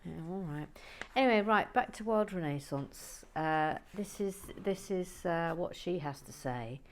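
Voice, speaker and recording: A woman hosting a relaxing building video, talking softly with dry teasing humour, often close to a whisper, on a close mic. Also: lowish voice, lively intonation, measured pace, a little hiss or hum. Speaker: host.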